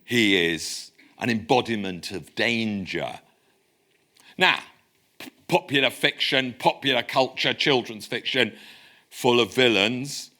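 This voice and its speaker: A man giving a public lecture in a lecture room, lively and conversational, with wry asides. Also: mid-range voice, takes it slowly.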